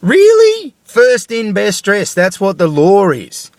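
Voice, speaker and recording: A man's voice: high-pitched, takes it slowly, no room sound, clean studio sound. A middle-aged man with an Australian accent, ranting angrily to camera with lots of swearing and repeated rhetorical questions. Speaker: vlogger. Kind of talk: angry ranting monologue.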